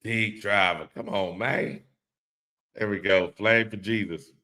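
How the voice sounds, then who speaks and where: A man's voice: on the low side, fairly even intonation, unhurried, sharp tone. A man hosting a casual live-stream podcast, reading chat comments aloud and laughing along in a laid-back way.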